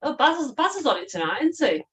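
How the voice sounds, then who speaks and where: A woman's voice: sits high, sing-song, quick pace, fairly bright tone, recorded from a distance, a little hiss or hum, low-quality recording. A woman co-hosting a live chat stream, bubbly and greeting viewers by name. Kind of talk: casual chat.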